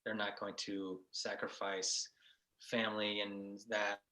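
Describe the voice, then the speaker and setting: A man, a band member guest, talking in a relaxed, rambling way, thinking aloud. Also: fairly low pitch, slow pace, poor audio. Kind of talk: casual interview talk.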